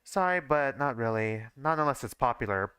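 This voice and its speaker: A man's voice: medium pitch, expressive, normal speed, bright, forceful tone, clear, resonant tone, no echo. Blunt, wary schoolgirl, voiced by a man, dry and skeptical. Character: wary, blunt young female student.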